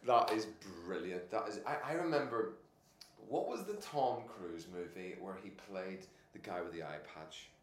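A man, an actor and podcast guest, telling casual anecdotes in an animated way, laughing often and restarting his sentences. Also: fairly low pitch, moderate pace. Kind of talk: casual anecdotal interview chat. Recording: echoey room with faint noise.

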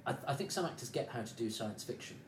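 Male interviewer, mid-pitched, stumbling a little as he frames his questions. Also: expressive, roomy sound, distant mic, a crowd in the background. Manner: halting, hesitant phrasing. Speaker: podcast host, interviewer. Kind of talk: casual interview chat.

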